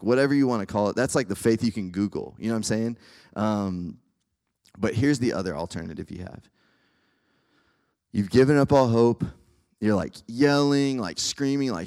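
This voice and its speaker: A man's voice: medium pitch, darkish tone. A young man preaching a casual sermon to students, keeps checking in with his listeners. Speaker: campus ministry speaker.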